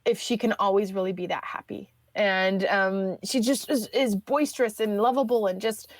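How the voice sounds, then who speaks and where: A woman's voice: mid-range voice, fairly even intonation, normal speed, no room sound. A woman in her thirties, a podcast guest telling a personal story in a chatty way, full of fillers and restarts.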